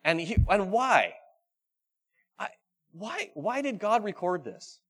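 A man preaching a sermon. He reads scripture aloud dramatically and keeps asking the congregation questions, swinging between loud and hushed delivery. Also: sits high, big pitch swings, takes it slowly, husky. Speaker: pastor.

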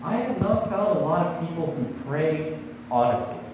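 A man's voice: fairly high pitch, very animated, moderate pace, background noise. A man preaching a sermon, speaking conversationally and putting questions to his listeners. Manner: conversational, asks the congregation questions. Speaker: pastor. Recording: echoey hall, voice from far off.

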